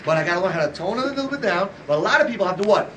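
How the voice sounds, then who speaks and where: A high-pitched man coaching a room of salespeople, talking fast, loud and passionate, swearing freely and peppering the group with rhetorical questions. He sounds a bit far from the mic, with a faint hiss behind him. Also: animated. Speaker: sales trainer. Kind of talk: motivational sales talk to a group.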